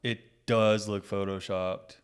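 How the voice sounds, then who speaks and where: A man's voice: fairly low pitch, little pitch movement, takes it slowly, clean tone. A man co-hosting a casual reaction chat, laughing often and reading posts aloud. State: sleep-deprived. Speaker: co-host.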